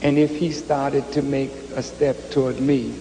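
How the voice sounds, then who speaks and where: A male minister giving a measured, solemn address to an audience in a large hall. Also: mid-range voice, flat delivery, mellow. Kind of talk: slow formal address to an audience. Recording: echoey hall with faint ambience.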